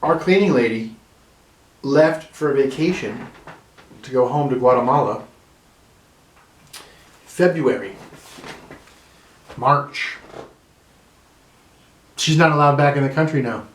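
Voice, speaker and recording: A man's voice: medium pitch, slow pace, pauses often, a little hiss or hum. A male stand-up comedian talking to camera from his own room in a rambling, self-deprecating, profane way. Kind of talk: casual comedy monologue to camera. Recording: roomy home room echo.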